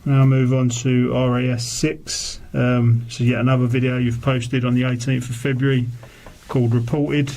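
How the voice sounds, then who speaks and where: A man questioning a suspect in a police interview, calmly reading out exhibits. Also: medium pitch, slight background noise. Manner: measured, reads out exhibits.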